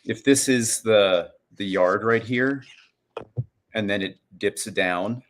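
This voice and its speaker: A man's voice: lowish voice, slow pace. A man in his forties co-hosting a casual video-call chat, rambling and restarting his sentences. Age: 40s. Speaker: podcast co-host.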